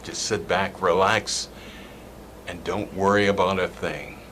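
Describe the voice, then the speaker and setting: A man speaking slowly and emphatically as a comic co-host, backing up his partner in a low voice. Faint background noise runs behind him. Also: fairly even intonation, fairly bright tone. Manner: slow, emphatic agreeing. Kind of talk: joking banter.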